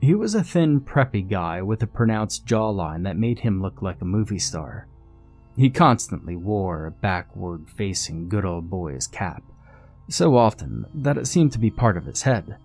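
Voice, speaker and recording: A man reading a first-person horror story in a steady, measured way. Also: lowish voice, faint music behind. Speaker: narrator. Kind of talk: scripted horror story narration.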